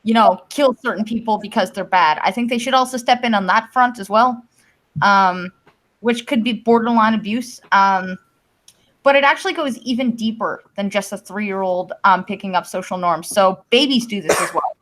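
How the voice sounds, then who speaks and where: A woman's voice: mid-range voice, moderate pace, a bit bright, rough recording. A woman from Canada hosting a live-stream podcast, explaining her views at length in casual talk with casual swearing. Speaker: podcast host.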